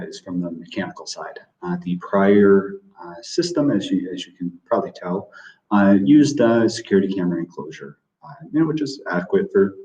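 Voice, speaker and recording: A low-voiced man with a mellow tone walks through a product in a webinar, hesitating often and leaning on filler words. He sounds distant and roomy, with dull, muffled audio from a video call. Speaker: product presenter. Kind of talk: webinar presentation.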